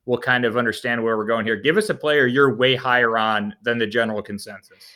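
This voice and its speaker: A man with an upstate New York accent works as a radio producer and throws questions at a podcast host. He teases her in a loose, laid-back way. His voice is bright and forward, at an ordinary pitch. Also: fairly quick. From Syracuse, New York. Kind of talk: casual podcast co-host chat.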